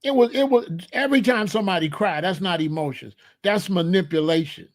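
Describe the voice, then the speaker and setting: Host, male, higher-pitched voice, emphatic rhetorical delivery, casual talk. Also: a little fast. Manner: emphatic, rhetorical, repeats points. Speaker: commentary host. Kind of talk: casual spoken commentary.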